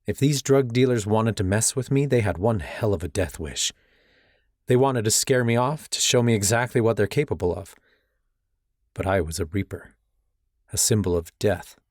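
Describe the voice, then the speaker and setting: A man's voice: fairly low pitch, darkish tone, no echo, studio quality. A young man narrating a first-person audiobook in a brooding, intense way.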